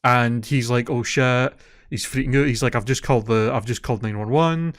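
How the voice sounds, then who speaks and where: Here a co-host of a casual podcast, medium-pitched and brisk, goes back over a story. He swears without restraint as he works himself up.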